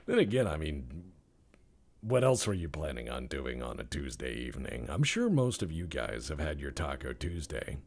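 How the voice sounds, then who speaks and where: A man's voice: very deep voice, very animated, moderate pace, a little mellow. A man hosting a let's-play video, chatting casually in a rambling, profane, self-deprecating way. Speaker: gaming channel host.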